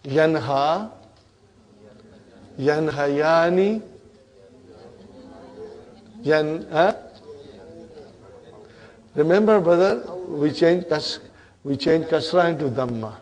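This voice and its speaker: A man teaching Arabic grammar in a classroom, speaking slowly and deliberately with a slightly raised pitch. He repeats verb forms aloud and keeps checking that his students follow, calling them "brother". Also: lively intonation, darkish tone. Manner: drills conjugations aloud, checks with "huh?" and "brother".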